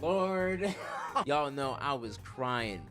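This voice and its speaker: Young man, animated joking commentary. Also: medium pitch, extremely slow, music in the background. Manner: animated and joking, laughs often, slangy. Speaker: anime commentator. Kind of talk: casual tier-list commentary.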